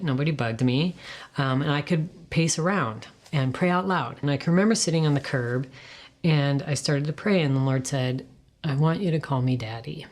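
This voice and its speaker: A woman giving a personal faith testimony in a soft, earnest way, sometimes dropping to a hushed whisper. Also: low voice. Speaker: guest sharing a testimony.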